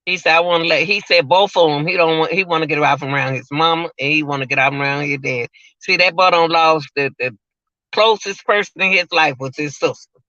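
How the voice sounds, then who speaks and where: A man's voice: a little high, fairly quick, bright, forceful tone, no echo, highs cut off. A man giving emotional, repetitive livestream commentary, talking straight to his viewers.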